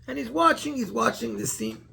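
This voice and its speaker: A man's voice: very high voice, brisk, vocal fry, sharp tone, a little hiss or hum. A man, a rabbi, tells a story in a Torah class, stopping often to search for words and restart his sentences.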